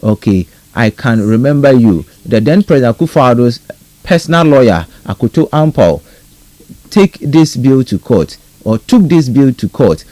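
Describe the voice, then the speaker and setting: A male radio host with a Ghanaian accent reads listener texts aloud at a brisk clip, his pitch swinging widely from phrase to phrase. The sound is close and dry, straight off a studio mic with no room around it. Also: no room sound. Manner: brisk, lively read-out with a rising greeting tone. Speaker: radio talk show host. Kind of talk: reading listener messages on live radio.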